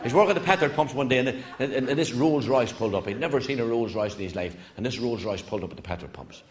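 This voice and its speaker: A man's voice: mid-range voice, quick pace. An Irish man telling jokes in a rambling stand-up style, wandering off into side stories and chuckling through them. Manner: digressive, chuckling through his own stories.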